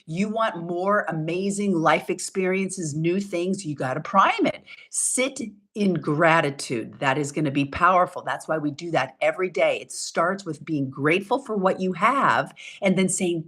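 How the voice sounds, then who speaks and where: Coaching a self-help challenge, a woman gives an upbeat, emphatic motivational talk, acting out what people say and laughing often. Her lowish voice has a fairly bright tone, a slightly slow pace, and hardly any pauses.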